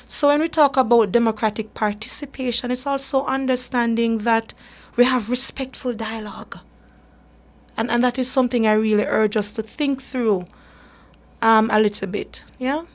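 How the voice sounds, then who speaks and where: A woman's voice: on the high side, fairly even intonation, normal speed. A woman hosting a radio talk show, speaking earnestly and emphatically, often repeating words as she gathers her thoughts. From Jamaica. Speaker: radio show host for a human rights group.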